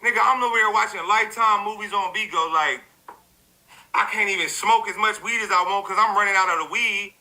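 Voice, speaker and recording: A man ranting in a profane, rambling social media commentary, animated and full of fillers. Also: high voice, brisk, low-quality recording.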